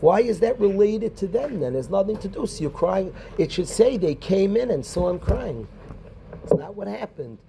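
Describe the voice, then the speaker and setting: A rabbi teaching a Talmud class in a conversational way, quoting Hebrew and Aramaic and calling on students by name. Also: male voice, sits high, sing-song, normal speed, gravelly, mellow, a little hiss or hum.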